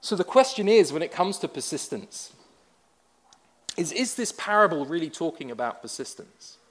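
A man's voice: fairly high pitch, very animated, normal speed, a bit bright. A man, a pastor telling a personal story in a conversational sermon with wry asides.

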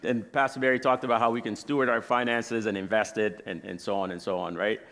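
A man's voice: lowish voice, fairly even intonation, quick pace, fairly bright tone. A man in his thirties preaching in a church as a guest speaker, telling personal stories in a casual, chatty way and laughing as he goes. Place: church sanctuary.

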